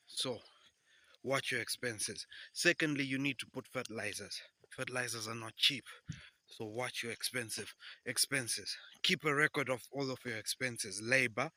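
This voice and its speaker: A man's voice: medium pitch, sharp tone, no room sound. A man giving upbeat, emphatic farming advice in a casual vlog, slightly out of breath as he walks and talks, repeating his key points. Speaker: farming vlogger.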